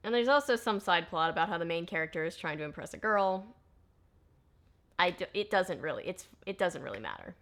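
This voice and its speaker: A woman hosting a casual film review vlog, chatty and sarcastic, delivering deadpan jokes about what she is watching. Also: fairly low pitch, fairly quick. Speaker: movie review host. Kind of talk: casual comedic commentary.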